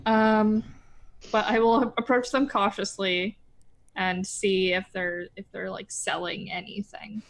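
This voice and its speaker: A woman's voice: mid-range voice, level tone, takes it slowly. A woman playing a tabletop role-playing game, chatting casually and joking as she describes her moves. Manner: jokey and playful. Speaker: player.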